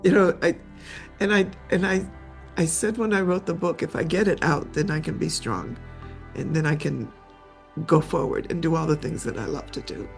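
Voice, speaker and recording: Older woman guest with a gravelly, fry-heavy voice, halting and tearful, over faint music. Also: sits low. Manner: halting, repeats words, tearful retelling. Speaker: guest, memoir author. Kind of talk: emotional personal storytelling.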